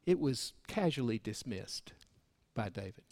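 A man preaching a sermon, telling personal stories in a folksy way, his voice swinging between loud passages and hushed ones. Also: mid-range voice, very animated, unhurried, gravelly, no room sound.

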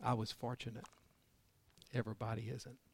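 A man preaching a sermon, telling personal stories in a folksy way, his voice swinging between loud passages and hushed ones. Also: medium pitch, completely flat delivery, normal speed, vocal fry, a little hiss or hum.

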